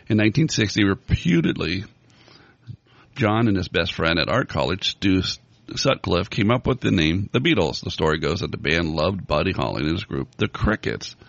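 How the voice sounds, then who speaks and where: A low, gravelly Southern man reads trivia and banters as a podcast co-host, his pitch swinging lively up and down. His voice is a little husky and sits in a dry, dull lo-fi recording. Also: no echo. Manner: playful, joking, quick to laugh. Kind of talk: casual chat, reading trivia aloud.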